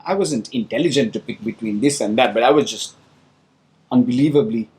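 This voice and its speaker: Animated man telling stories. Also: mid-range voice, brisk. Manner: animated storytelling, acts out other people's lines. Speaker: host. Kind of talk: casual conversation.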